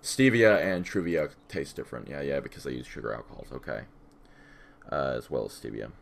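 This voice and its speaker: A man co-hosting a casual podcast, scattered and profane, with vocal fry. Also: extremely low pitch, very animated, a little fast, a little hiss or hum. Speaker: podcast co-host.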